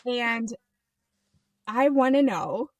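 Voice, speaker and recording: A woman from the US hosting a podcast, talking with warm, effusive enthusiasm. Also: a little high, animated, very slow. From United States. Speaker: podcast host and recovery coach. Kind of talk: casual podcast conversation.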